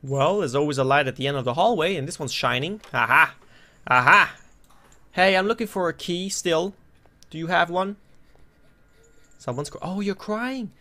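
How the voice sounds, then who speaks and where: A man commentating his play of a horror game, joking and cursing, and breaking into loud frightened yelps when scared. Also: on the high side, fairly quick. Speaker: gameplay commentator.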